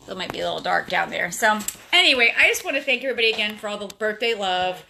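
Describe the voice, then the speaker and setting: A woman's voice: medium pitch, lively intonation, rapid-fire, creaky, few pauses, background noise. Chatty woman from South Florida. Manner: chatty, emotional storytelling with many fillers. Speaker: livestream host. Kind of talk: casual live stream chat. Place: home. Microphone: phone.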